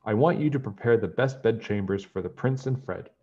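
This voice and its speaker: Haughty young princess, snooty, sharp, raised pitch, storybook reading, voiced by a man. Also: a little fast, lo-fi sound, a little hiss or hum, natural voice.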